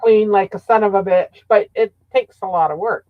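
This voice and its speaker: A woman's voice: mid-range voice, normal speed, dry recording, phone-quality sound. A woman guest in a casual chat who rambles and hunts for her words.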